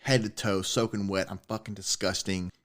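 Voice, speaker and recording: A man, a podcast co-host telling a personal story in casual chat, swearing often and getting excited. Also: on the low side, moderate pace. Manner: animated, swears a lot, rising excitement.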